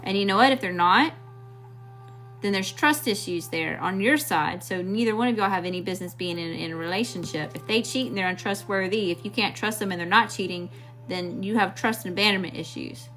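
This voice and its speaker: A woman's voice: medium pitch, brisk, fairly bright tone, faint music behind. A woman from Mississippi with a Southern accent, giving a blunt, slangy live tarot reading straight to her viewers. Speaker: tarot reader.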